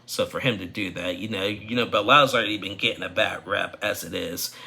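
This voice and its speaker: A man's voice: fairly low pitch, a little fast, vocal fry, pushed and bright. A man giving a casual, opinionated recap of a reality show, rambling with frequent restarts.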